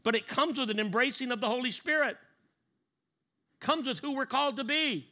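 A male pastor preaching a sermon emphatically, slowing down to stress key words and having the congregation repeat lines after him. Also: extremely high pitch, bright, forceful tone.

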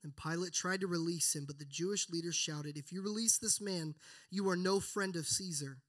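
A man's voice: sits high, moderate pace. Earnest man preaching a sermon. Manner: earnest, builds then drops to hushed prayer. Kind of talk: sermon with scripture reading.

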